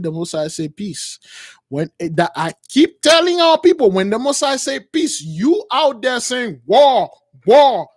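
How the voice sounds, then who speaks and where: A man's voice: sits high, dry recording, clean studio sound. A man hosting a religious call-in show, talking in a preachy, rambling way with many fillers. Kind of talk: religious call-in radio talk.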